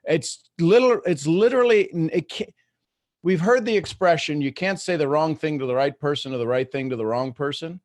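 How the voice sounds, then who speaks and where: A man's voice: on the high side, moderate pace, a little mellow, no room sound, studio quality. A middle-aged man hosting a live online coaching talk, speaking earnestly with many restarts as he explains his points. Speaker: host.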